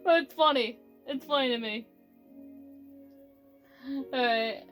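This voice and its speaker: A woman casually reading a fan story aloud, giggly and halting, swearing now and then. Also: on the high side, faint music behind.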